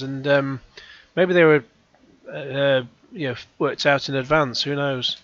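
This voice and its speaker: A man's voice: mid-range voice, fairly even intonation, unhurried, fairly bright tone, dry recording. A man with a sarcastic, scornful manner, swearing through his commentary on a clip. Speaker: reaction video host. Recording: dry, slightly dull mic.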